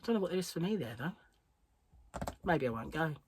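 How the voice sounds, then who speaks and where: A woman's voice: low voice, animated, fast, darkish tone, slight background noise. A middle-aged woman vlogging about crochet, chatting in a rambling way and laughing often. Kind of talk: casual chat. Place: home on an English island.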